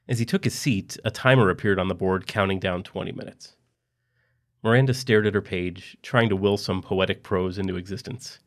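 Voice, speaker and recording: A man narrating a story in a quiet, even reading voice. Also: low voice, normal speed.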